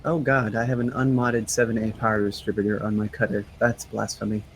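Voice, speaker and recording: A man's voice: fairly low pitch, flat delivery, fairly quick, slight background noise, low-quality recording. A man co-hosting a live gaming stream, giving instructive advice and rattling off game loadouts. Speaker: co-host player.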